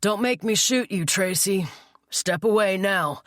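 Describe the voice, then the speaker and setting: A woman voicing a firm male police officer who gives steady, commanding orders in an audiobook. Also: medium pitch, measured pace, dry recording, clean studio sound, pitched above the performer's own voice, natural voice.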